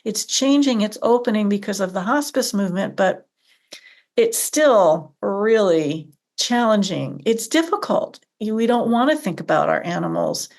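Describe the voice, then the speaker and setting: Female guest, mid pitch, gravelly fry, reflective and earnest. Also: expressive, moderate pace, a little mellow. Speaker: guest, animal communicator. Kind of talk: casual interview chat.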